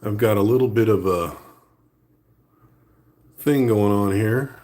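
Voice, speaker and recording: A man with a lowish voice talks through his sculpting work in a casual vlog. His delivery is relaxed and meandering, with the offhand flow of someone busy with his hands. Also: slow pace. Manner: relaxed, rambling talk while working with hands. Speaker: art vlogger. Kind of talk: casual chat while sculpting. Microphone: new phone.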